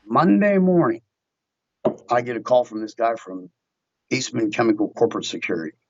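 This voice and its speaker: Man guest recounting a story with lively acted-out quotes; dry, dull-sounding podcast audio. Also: medium pitch, normal speed, no echo. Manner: animated storyteller acting out his own quotes. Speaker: guest, window tint shop owner. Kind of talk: casual storytelling chat.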